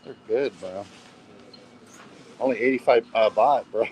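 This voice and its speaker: A man's voice: fairly low pitch, normal speed, long pauses, noisy background. An American man vlogging while out walking, rambling casually and saying "bro" at the end of nearly every line. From United States. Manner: rambling, says "bro" constantly. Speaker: travel vlogger. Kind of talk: casual vlog chat. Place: outdoors and in a mini market by a beach.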